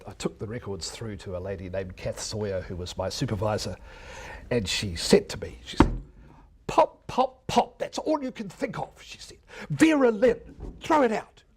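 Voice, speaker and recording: An older man lectures broadcasting students about his early radio days. His husky voice rises and falls with lively, animated pitch as he slips into impressions of stiff old announcers. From New Zealand. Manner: anecdotal, mimics old announcers, chuckles often. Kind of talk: reminiscing lecture.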